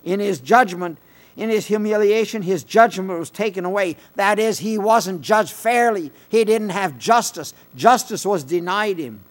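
A man's voice: sits high, animated, a little slow. A man, an older preacher, delivering a sermon in an earnest voice that rises into emphatic bursts when quoting scripture.

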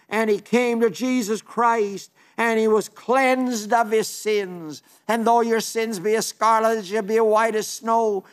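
An older man delivers a sermon in a high voice. He preaches earnestly and emphatically, drawing out the phrases he wants to land. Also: fairly bright tone.

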